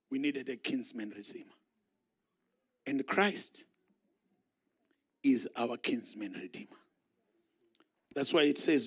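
A man preaching a sermon in a church, moving from quiet musing to shouted climaxes. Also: medium pitch, slightly rough. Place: church sanctuary.

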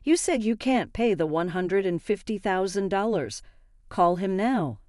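A woman's voice: medium pitch, expressive, unhurried, no room sound, clean studio sound, close to an everyday voice. A woman voicing a stern, imposing grown man who speaks sharply and gives orders. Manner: sharp, commanding.

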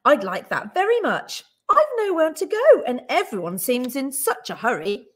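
A woman's voice: high-pitched, sing-song, moderate pace. A teacher voicing a small, polite young male bear from Peru while reading a picture book aloud. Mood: polite earnest. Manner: polite, formal and earnest.

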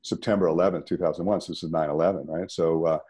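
A man, a podcast guest telling a personal story in a conversational, animated way. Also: low-pitched, fast talker, husky. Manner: animated, rises sharply when emphatic.

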